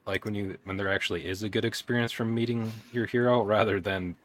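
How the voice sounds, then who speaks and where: A man's voice: lowish voice, fairly even intonation, brisk, fairly bright tone. Laid-back man co-hosting a podcast. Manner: loose and conversational, corrects himself mid-sentence. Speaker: podcast co-host. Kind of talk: casual podcast chat.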